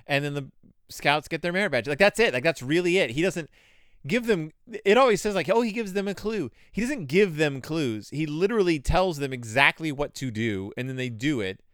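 A man's voice: fairly high pitch, lively intonation, moderate pace, a bit bright, clean tone, dry recording, clean studio sound. A male podcast host giving casual comedic commentary on children's books, sarcastic and rambling with many asides.

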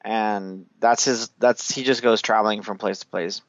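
A man's voice: on the low side, steady tone, moderate pace, no room sound, highs cut off. A man chatting casually and swearing often as he loosely retells a movie's scenes, laughing along the way. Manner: loose, profane, laughing storyteller. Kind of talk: casual chat recapping a movie.

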